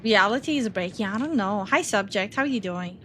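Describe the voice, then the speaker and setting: A woman's voice: mid-range voice, lively intonation, a little fast, fairly bright tone, slight background noise. A woman gaming streamer giving casual let's-play commentary, nervous and jumpy as she plays a scary game at home.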